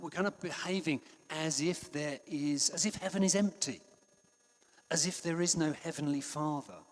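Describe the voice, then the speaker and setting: Husky preacher in a reverberant hall. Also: male voice, a little high. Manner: conversational, with frequent restarts and soft hushed passages. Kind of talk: sermon.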